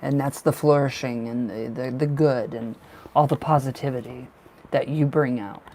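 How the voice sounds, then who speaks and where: A man's voice: mid-range voice, steady tone, normal speed, warm tone, slight background noise. A man giving a casual live tarot reading, talking loosely and repeating himself as he goes. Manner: casual, rambling, repeats words. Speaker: tarot reader.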